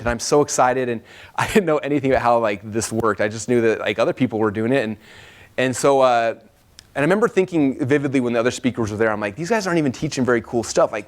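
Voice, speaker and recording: A man speaking at a training session, telling stories casually and animatedly, with lots of "like" and quoting himself. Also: medium pitch. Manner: fast and animated, full of "like" and self-quoting. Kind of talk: casual storytelling talk to a live audience.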